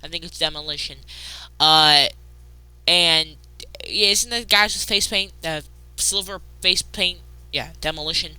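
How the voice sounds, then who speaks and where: A woman hosting a casual wrestling recap, excitable, jumping between loud outbursts and muttered asides. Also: deep voice, measured pace, clear, resonant tone, no room sound.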